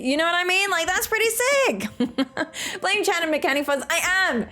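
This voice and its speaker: A woman casually chatting as a game streamer, playful and teasing and quick to laugh. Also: extremely high pitch, animated, bright, forceful tone, soft background music. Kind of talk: casual live-stream commentary.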